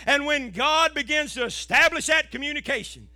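A middle-aged man, preaching an impassioned sermon as a pastor and rising to shouts. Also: very high voice, normal speed, few pauses, no echo.

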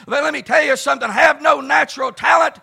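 A middle-aged man preaching a fervent, folksy revival sermon at a camp meeting, often shouting and telling homespun stories. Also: very high voice, fast, gravelly, some chatter behind. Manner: fervent, folksy storytelling with frequent "uh" and "let me tell you something".

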